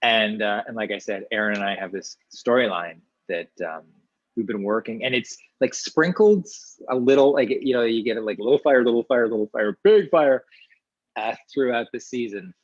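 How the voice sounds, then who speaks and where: A man's voice: lowish voice, no echo. Chatty man from small-town Ontario. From small-town Ontario, Canada. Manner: chatty, animated, many restarts, quick asides. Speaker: actor guest. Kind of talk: casual interview answers. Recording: dull, dry lo-fi sound.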